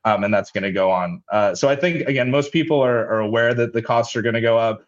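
A man's voice: mid-range voice, quick pace, lo-fi sound. A man, head of a logistics company, explaining things in a businesslike way as an interview guest. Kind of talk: interview answers.

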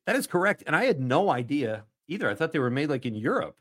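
A man's voice: on the high side, big pitch swings, quick pace. A man hosting a casual talk show quiz. He is upbeat, laughs often, and reads the questions with emphasis. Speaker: radio show host.

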